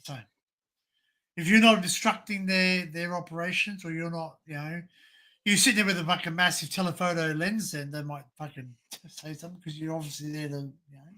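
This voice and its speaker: High, bright-voiced blokey man. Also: steady tone, normal speed. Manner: blokey, swears freely, says mate. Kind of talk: casual livestream chat.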